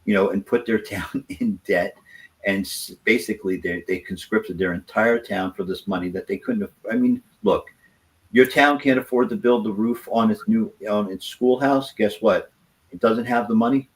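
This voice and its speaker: A man's voice: lowish voice, low-quality recording. A man talking as a guest on a political talk show, passionate and rambling as he makes his case. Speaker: conservative activist and guest.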